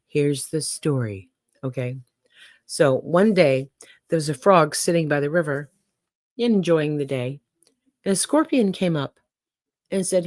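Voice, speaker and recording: A woman's voice: fairly low pitch, darkish tone, no room sound, clean studio sound. An older woman hosting a casual livestream, folksy and chatty, talking straight to her viewers. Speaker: livestream host.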